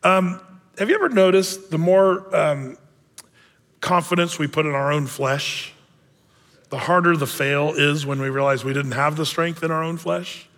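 A male pastor teaching a verse-by-verse Bible study in a relaxed, conversational way, with many fillers and self-deprecating humor. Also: fairly high pitch, a little slow. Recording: long reverb of a big hall.

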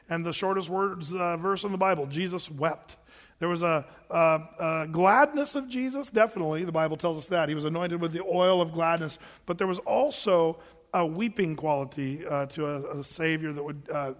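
High-voiced pastor preaching in a hall. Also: male voice, a bit bright. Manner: conversational preaching with fillers and rhetorical questions. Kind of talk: sermon.

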